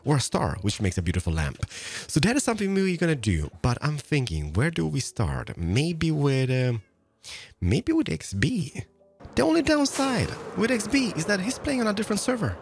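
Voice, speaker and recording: A man's voice: on the high side, big pitch swings, normal speed, vocal fry, a little hiss or hum. A man hosting gameplay commentary in a playful, goofy way with sing-song jokes and a groggy morning voice. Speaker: video game host.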